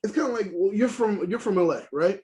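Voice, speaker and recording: Animated high-voiced man in blunt chat. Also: a little fast. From Haiti. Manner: blunt, animated, swears freely. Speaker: podcast co-host. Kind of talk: casual podcast chat.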